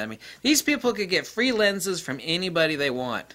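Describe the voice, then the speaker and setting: A man's voice: a little high, very animated, a little fast, hardly any pauses, sharp tone. A man hosting a photography video, ranting in a blunt, sarcastic way, swearing freely, mocking other people's claims and laughing at his own jokes. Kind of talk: ranting casual monologue.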